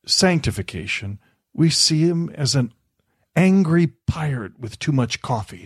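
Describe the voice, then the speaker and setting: A man speaking as a podcast guest, animated, often stammering and restarting words. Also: fairly high pitch, measured pace, slightly rough, no echo, clean studio sound. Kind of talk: podcast conversation.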